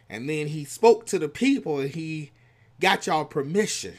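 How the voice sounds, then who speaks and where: A man giving casual reaction commentary in a slangy, animated way, swinging between loud outbursts and hushed asides. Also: fairly high pitch, measured pace. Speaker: commentary vlogger.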